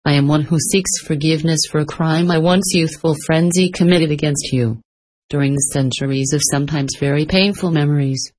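A woman reading the lines of a gentle, remorseful old man begging forgiveness, in a storybook telling. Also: low-pitched, poor audio.

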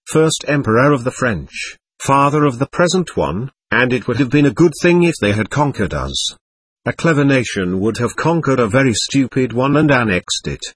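A man's voice: mid-range voice, husky, no echo. A man voicing a bitter, scornful young servant. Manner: curt, bitter and resentful. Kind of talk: audiobook character reading.

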